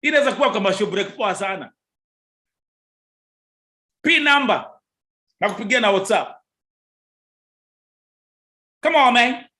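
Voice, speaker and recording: A man's voice: high voice, lively intonation, unhurried, long pauses, pushed and bright. A man with a Kenyan accent hosting a live stream, chatting casually and teasing his viewers. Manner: teasing, playful, bantering.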